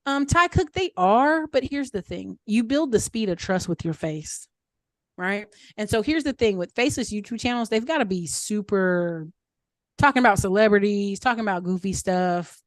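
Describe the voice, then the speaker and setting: A woman in a mid-range voice talks through advice in a relaxed, chatty way, sprinkling in "um" and "like" and circling back to stress her points. The sound is dry and close, with little room to it. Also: mid-range voice, moderate pace, no echo. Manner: chatty, frequent fillers like "um" and "like"; upbeat advice-giving, repeats points for emphasis. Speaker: mastermind group speaker. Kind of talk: casual Q&A coaching on an online call.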